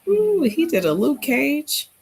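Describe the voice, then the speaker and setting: A woman's voice: high-pitched, big pitch swings, slow pace, gravelly, low-quality recording. A woman in a casual book club chat, rambling and hesitant with many fillers.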